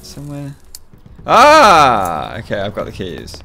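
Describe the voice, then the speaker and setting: A gamer commentating over his playthrough in a voice of ordinary pitch. He is exasperated and sarcastic and swears often, with faint game music behind him. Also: huge pitch swings, takes it slowly, creaky, sharp tone. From United Kingdom. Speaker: let's play gamer. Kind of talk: gameplay commentary.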